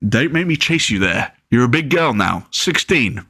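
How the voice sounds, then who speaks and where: A man doing a gentle coaxing father. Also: mid-range voice, very animated, moderate pace, slightly rough, dry recording, studio quality, pitched above the performer's own voice, exaggerated voice. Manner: coaxing, teasing.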